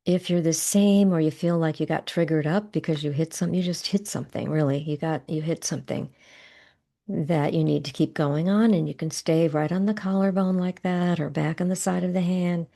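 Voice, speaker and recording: A middle-aged woman leads a guided tapping session as a coach, speaking gently and without hurry. Her voice sits fairly low with a gravelly, fry-tinged edge and a mellow, dark tone. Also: fairly even intonation. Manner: gentle, unhurried guidance with soft pauses.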